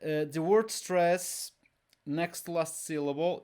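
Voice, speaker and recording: A man's voice: a little high, steady tone, a little mellow, smooth. A man teaching an online language lesson, patient and repetitive, drilling each word aloud. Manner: slow, patient, repeats words for drill.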